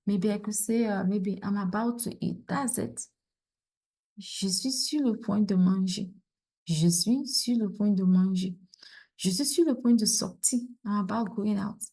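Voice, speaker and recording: A woman's voice: medium pitch, warm tone, husky. A woman teaching a French lesson online, patiently repeating each example sentence.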